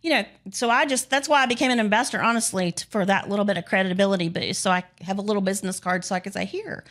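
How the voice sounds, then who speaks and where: A woman's voice: mid-range voice, racing, a bit bright. A woman, chatting casually as a guest, with many fillers and frequent laughs. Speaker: guest, pickleball ambassador. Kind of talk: casual interview chat.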